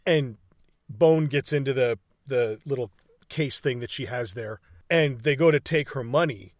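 A man's voice: mid-range voice, a little slow, no echo, clean studio sound. A man casually recapping a movie scene by scene, swearing freely, laughing often and acting out lines from the film. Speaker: podcast co-host.

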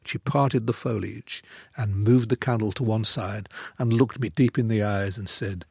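An older man, a guest, telling a self-mocking anecdote with theatrical swings between loud and hushed delivery. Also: on the low side, fairly even intonation, moderate pace, gravelly, slightly rough, dry recording, studio quality. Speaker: guest author. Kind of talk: storytelling anecdote in conversation.

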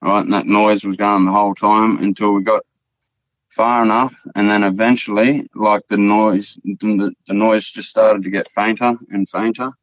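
Low-voiced rambling Australian man. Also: flat delivery, normal speed, a bit bright, dry recording. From Northern Territory, Australia. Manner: rambling, profane, repeats words and fillers. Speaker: guest. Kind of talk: casual storytelling interview. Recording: dull, dry lo-fi podcast audio.

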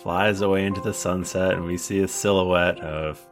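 A man narrating as game master of a tabletop game, slow and hesitant with fillers. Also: sits low, fairly even intonation, over music.

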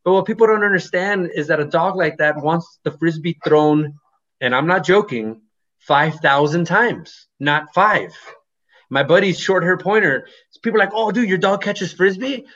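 A man's voice: a little high, moderate pace, a bit bright. Rambling man on lo-fi audio. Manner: rambling, many "you know" fillers. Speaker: dog-running business owner. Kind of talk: casual interview talk.

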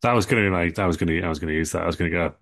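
A man's voice: deep voice, rapid-fire, creaky, a bit bright. A man co-hosting a podcast, chatting casually and joking at his own expense. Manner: self-deprecating, laughs easily. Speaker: podcast co-host. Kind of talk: casual chat.

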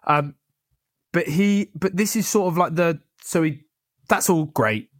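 A young podcast co-host chats passionately about football, speaking rapidly and tumbling over his words with many restarts. His voice is on the high side, captured in clean studio sound with no echo.

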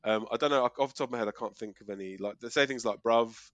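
A middle-aged man from Kent, South East England, now living in Australia, speaks with a South East English accent in a mid-range, fairly bright voice at a racing pace. As a podcast co-host in casual chat, he rambles through a story with fillers and restarts; the audio is dull, with no room sound.

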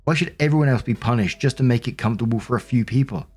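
A man's voice: medium pitch, quick pace, darkish tone, breathy edge, faint music behind, natural voice. A man reading the lines of a defensive, self-pitying middle-aged mother in a slightly raised, indignant voice.

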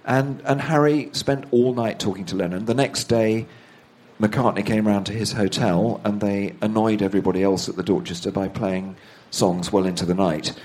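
A man's voice: fairly low pitch, fairly even intonation, moderate pace, darkish tone. A man, the author being interviewed, telling anecdotes at length and acting out the voices he quotes. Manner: anecdotal, acts out quoted voices, laughs at own stories. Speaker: author and guest. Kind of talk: conversational storytelling interview.

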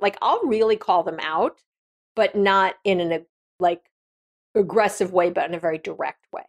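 A woman's voice: mid-range voice, normal speed. A woman hosting an advice podcast, talking frankly and directly in a casual monologue with frequent restarts. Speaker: podcast host.

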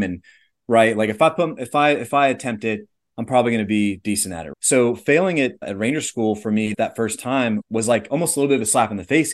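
A man in his thirties telling a personal story in a casual interview, earnest and rambling, with lots of "like" and "legit". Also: medium pitch. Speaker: podcast guest, airline pilot.

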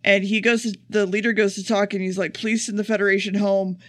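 A man's voice: high voice, little pitch movement, a bit bright, no echo, clean studio sound. A man co-hosting a podcast, recapping an episode in a casual, profane, sarcastic way. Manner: profane, sarcastic, rapid plot summary. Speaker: podcast co-host.

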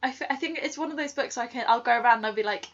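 A young woman, co-hosting a casual book podcast in a quick, frank way. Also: on the high side. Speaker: podcast co-host. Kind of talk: casual book club chat. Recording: dull lo-fi sound.

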